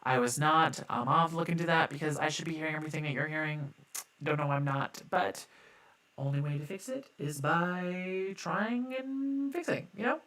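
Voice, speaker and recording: A man narrating a live-streamed improv story with expressive dramatic delivery. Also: a little high, moderate pace. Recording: echoey reverb with loud music.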